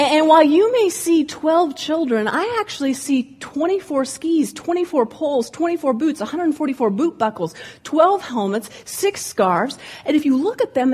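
A woman, a former ski instructor, giving a humorous storytelling speech to an audience in a room and acting out the characters' voices. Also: high voice. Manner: lively, comic, acts out voices.

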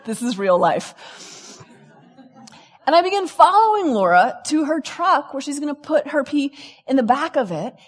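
A woman, a lively storyteller who acts out the people she quotes, telling a personal story to an audience. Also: sits high, moderate pace, long pauses, long reverb tail. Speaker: speaker. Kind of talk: storytelling talk.

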